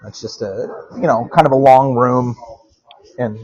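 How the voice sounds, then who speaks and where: This man's medium-pitched voice stays steady and unhurried, slightly mellow. Co-hosting a podcast by phone, he tells rambling stories with frequent laughter in a relaxed chat, first walking outdoors and then inside a quiet bar. The call quality is dull and lo-fi.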